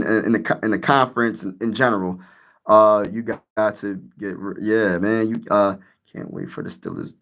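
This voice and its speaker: A man's voice: medium pitch, pushed and bright. A young man hosting a sports live stream, chatting casually with his viewers, rambling and hyped, using lots of slang. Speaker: sports YouTuber live-streaming, answering chat.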